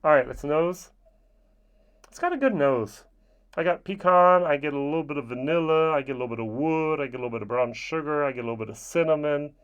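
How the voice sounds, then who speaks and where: A man's voice: on the high side, lively intonation, fast talker, smooth, dull audio. Chatty European man reviewing whiskey. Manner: chatty, with playful asides. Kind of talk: casual spoken review.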